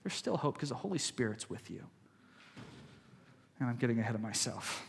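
A male pastor preaching a sermon in a conversational way, swinging from loud emphasis to hushed, quiet passages. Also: mid-range voice, sing-song, a little fast, gravelly, husky, in a large hall.

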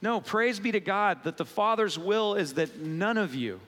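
A pastor gives a sermon in a chatty, playful manner, tossing asides to his congregation. His man's voice sits a little high, and his words ring out through the long reverb of a church sanctuary. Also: animated, moderate pace, fairly bright tone. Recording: long reverb of a large hall.

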